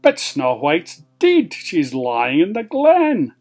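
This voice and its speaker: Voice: medium pitch, huge pitch swings, takes it slowly, a little mellow, heavily acted. A Scottish storyteller voicing a vain, furious wicked queen in a read-aloud fairy tale. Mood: haughty.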